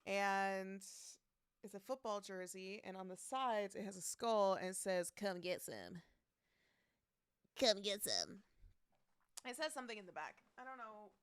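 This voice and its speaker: Chatty woman streamer with a smooth voice. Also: medium pitch, animated, unhurried, long pauses, no echo, clean studio sound. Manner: chatty, laughs often, greets viewers by name. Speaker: streamer reading live chat. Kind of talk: casual chat.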